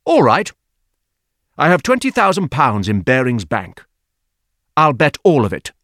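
A man reading the part of a calm, precise English gentleman, speaking slowly and firmly. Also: mid-range voice, dry recording, studio quality, heavily acted. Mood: calm, assured. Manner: slow, deliberate and firm. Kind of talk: audiobook character reading.

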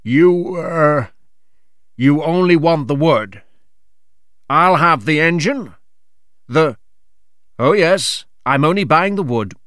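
A man voicing a calm, polite gentleman traveller who stays composed. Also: a little high, takes it slowly, long pauses, no room sound, clean studio sound.

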